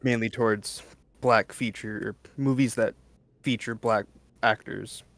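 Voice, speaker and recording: A man's voice: on the low side, steady tone, a little slow, a bit bright, dry recording. A man co-hosting a stream, explaining things plainly in casual chat. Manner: matter-of-fact, explains plainly. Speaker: stream co-host.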